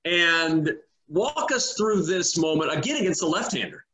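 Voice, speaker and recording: A male sports broadcaster hosting an interview, asking measured, polished questions. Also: a little high, expressive, bright, forceful tone. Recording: echoey studio room.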